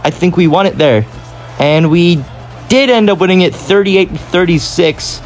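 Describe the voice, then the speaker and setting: A man's voice: high-pitched, moderate pace, soft background music. Guy chatting over a football sim, keeps correcting himself, loose rambly delivery. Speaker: gaming YouTuber. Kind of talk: casual gameplay commentary.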